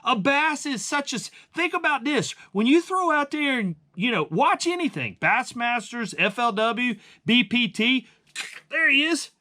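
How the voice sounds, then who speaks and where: Emphatic, blunt man with a bright voice. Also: extremely high pitch, big pitch swings, measured pace. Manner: addresses viewers as guys. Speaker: fishing channel host. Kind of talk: casual instructional talk.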